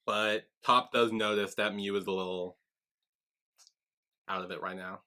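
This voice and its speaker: Bright-voiced man recapping a show. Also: on the low side, steady tone, a little slow. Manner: retells scenes with quoted lines, laughing often. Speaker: podcast co-host. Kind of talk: casual recap chat.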